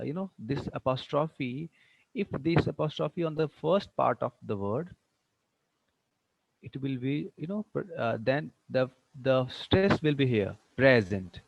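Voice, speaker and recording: A man teaching English with an Indian accent in an online lecture, explaining slowly and repeating words. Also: on the high side, vocal fry, no room sound. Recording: dull muffled online-class audio.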